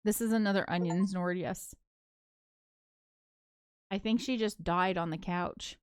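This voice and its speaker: A woman's voice: lowish voice, fairly even intonation, a little slow, clear, resonant tone, no echo, clean studio sound. A woman streaming a game, commenting casually and getting emotional as she reads the game's text. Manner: emotional, laughs through tears while reading game text.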